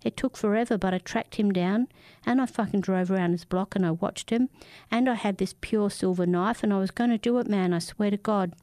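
A woman voicing a frightened, desperate man who pleads for his life, rambling and rising in pitch as he begs. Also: a little fast, dark tone, dry recording, studio quality, lightly acted. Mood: pleading. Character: frightened desperate man, a cursed family father.

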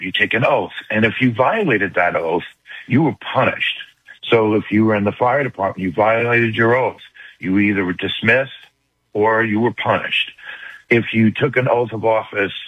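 An older retired man with a New York accent, calling in to a radio talk show and making his point fast and earnestly. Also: fairly low pitch, slightly rough, no room sound. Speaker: caller. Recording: muffled phone line.

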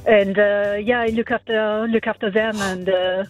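A woman putting on a French accent as a hesitant mother of small kids, halting over her English. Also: medium pitch, fairly even intonation, muffled recording, faint music behind, natural voice. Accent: put-on French. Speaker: caller.

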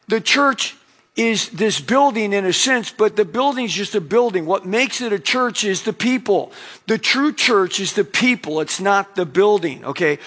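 A man preaching a conversational sermon as a pastor, telling stories and acting out quick bits of dialogue. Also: sits high, a bit bright. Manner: conversational preaching with acted-out anecdotes.

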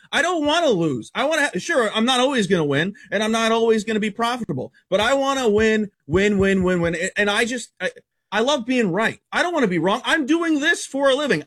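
A man's voice: high voice, a bit bright. A man appearing as a sports betting analyst on a radio show, rattling off stats and picks in a blunt, brash, competitive way. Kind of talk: fast stat-heavy sports betting talk.

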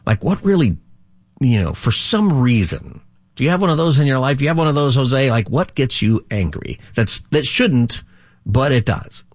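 A man's voice: mid-range voice, sing-song, moderate pace, no echo. A middle-aged man hosting a call-in radio talk show as a pastor, rambling and chatty, laughing easily.

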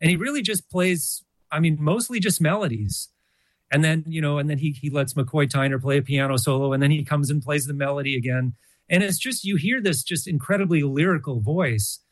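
A man's voice: on the high side, a little fast, dry recording. A man, a college jazz orchestra co-director, answering interview questions thoughtfully, with frequent fillers and restarts. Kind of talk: radio interview.

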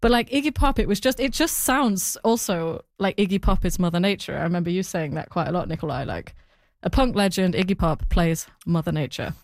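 A woman being interviewed about a podcast she made, talking in a chatty, animated way with lots of "like" and "I mean.". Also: lowish voice, a little fast, few pauses, no echo, clean studio sound. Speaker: podcast creator, interview guest. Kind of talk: interview answers.

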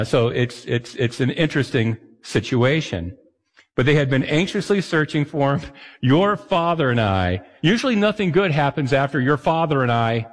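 A man pastor preaching a conversational sermon, often asking his listeners questions. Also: fairly high pitch. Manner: conversational, asks the audience questions. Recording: long hall reverb.

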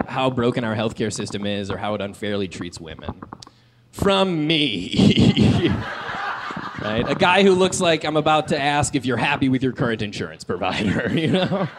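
Lively, joking radio host man. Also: medium pitch, noisy background. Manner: joking, self-deprecating. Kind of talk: casual radio banter.

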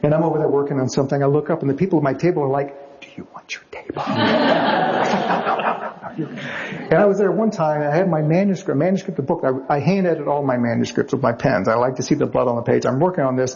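A man's voice: on the high side, fast talker, gravelly, mellow. Wry chatty male storyteller, lo-fi. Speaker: novelist guest. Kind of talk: anecdotal storytelling.

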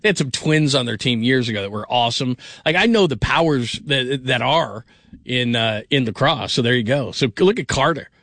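A man's voice: mid-range voice, lively intonation, normal speed, fairly bright tone, no echo. A middle-aged man hosting a sports call-in radio show, rambling casually with many restarts. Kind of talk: late-night sports call-in chat.

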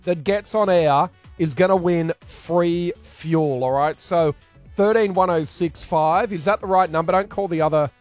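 A man's voice: fairly high pitch, measured pace, darkish tone, soft background music. A man hosting breakfast radio, teasing and joking with his co-hosts. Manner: teasing, jokey. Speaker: radio host.

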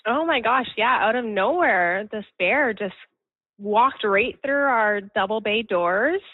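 A woman's voice: mid-range voice, dry recording. Woman on the phone, chatty, laughs a lot, tinny line, dry sound. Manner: chatty, laughs between sentences. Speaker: interviewee, family business worker. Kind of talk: phone interview, recounting an event.

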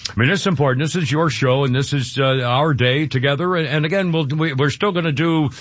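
A man's voice: fairly high pitch, fast, dry recording, muffled recording. A man hosting a talk radio show, emotional and rambling, with many restarts and fillers.

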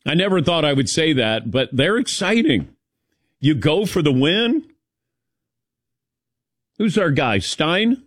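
A man hosting a sports talk show, animated and teasing as he calls on his crew by name. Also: on the high side, takes it slowly, pauses often, no echo, studio quality. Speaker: sports radio host.

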